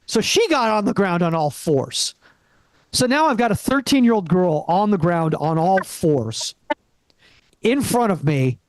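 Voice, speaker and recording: A man's voice: high voice, sing-song, unhurried, no echo. A young man doing a rambling stand-up set in a comedy club, with lots of restarts and acted-out quotes.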